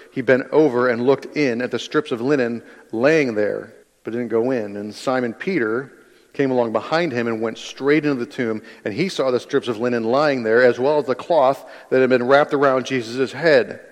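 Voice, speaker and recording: A man preaching a sermon in a large church hall, reading scripture and explaining it in a conversational, emphatic way. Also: mid-range voice. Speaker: pastor. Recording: long reverb of a large hall.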